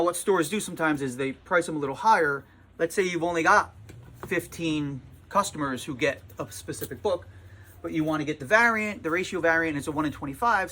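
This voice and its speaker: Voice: mid-range voice, bright, forceful tone. Tired, sarcastic comic shop owner. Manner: exasperated, sarcastic, swears freely. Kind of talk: casual vlog monologue. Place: small comic shop, indoors.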